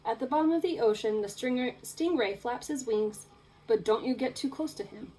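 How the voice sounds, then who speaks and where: A young woman teacher reading a picture book aloud to children, in an expressive, playful storytelling way. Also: fairly high pitch, normal speed, rough recording.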